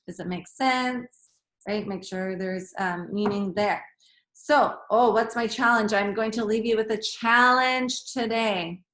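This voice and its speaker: A woman's voice: mid-range voice, unhurried. A woman teacher giving a grammar lesson to children, acting out sentences in different tones of voice. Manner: expressive, acts out sentences in varied tones. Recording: echoey room.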